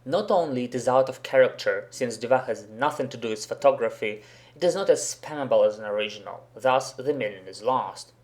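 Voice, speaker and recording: Guy doing commentary, middle pitch, blunt, sarcastic, swears a lot. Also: fairly quick. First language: Russian. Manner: blunt, sarcastic, profane critique. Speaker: host, professional interpreter. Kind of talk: commentary video.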